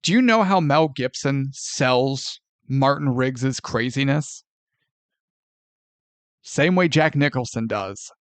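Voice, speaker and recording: A man's voice: medium pitch, expressive, slow pace, no echo. A man co-hosting a podcast, chatting casually about a movie and acting out scenes with sound effects and quoted lines. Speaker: podcast co-host. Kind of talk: casual movie review chat.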